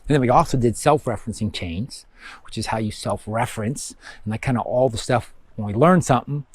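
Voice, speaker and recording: A man's voice: medium pitch, a little fast, slightly rough, no echo. A man guiding students through a spiritual course review in a loose, rambling way, full of fillers and acted-out inner thoughts. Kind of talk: casual recorded course talk.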